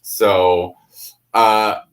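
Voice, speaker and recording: A man's voice: fairly low pitch, level tone, very slow. A man co-hosting a casual movie discussion podcast, chatty and leaning on "like" a lot. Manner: chatty, leans on "like". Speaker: podcast co-host.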